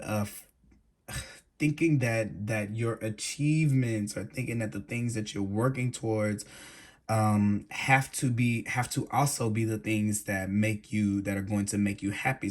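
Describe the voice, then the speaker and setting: A man's voice: fairly low pitch, a little mellow. A man giving a tarot reading, thinking aloud and searching for his words with frequent restarts. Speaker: tarot reader.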